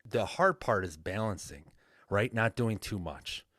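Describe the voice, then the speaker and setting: Male guest coach, earnest and plain-spoken, deep voice, dry close sound. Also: lively intonation, measured pace, a bit bright, no room sound. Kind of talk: casual podcast interview.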